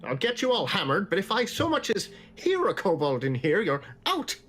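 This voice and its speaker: A man voicing a surly elderly female tavern keeper with an eye patch, in a gruff, snapping manner. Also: high voice, wildly swooping pitch, normal speed, a bit bright, soft background music, voice pushed up, full character voice. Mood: grumpy.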